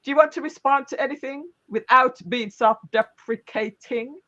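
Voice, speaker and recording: A woman's voice: sits high, normal speed, muffled recording. A woman hosting a live online talk show, chatting casually and heaping repeated praise on a guest with plenty of restarts and fillers. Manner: warm, repetitive praise with frequent restarts and fillers. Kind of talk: casual live-stream chat.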